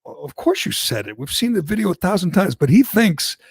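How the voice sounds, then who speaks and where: Male talk host, animated and opinionated, gravelly with a dry studio sound. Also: high-pitched, a little fast, no echo. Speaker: radio talk show host. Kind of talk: casual political talk.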